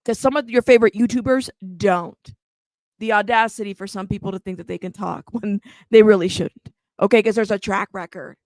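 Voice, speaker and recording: A woman hosting a true crime channel, talking in a casual, animated and sassy way, bilingual in Spanish. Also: medium pitch, fairly quick, dry recording. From United States. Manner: animated, sassy, frequent laughs. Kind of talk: casual livestream commentary.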